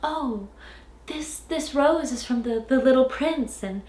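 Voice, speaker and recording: A woman's voice: sits high, takes it slowly, darkish tone, pitched above the performer's own voice. Woman voicing a lovestruck young ballerina: modest, gushing, breathless, in a roomy echo.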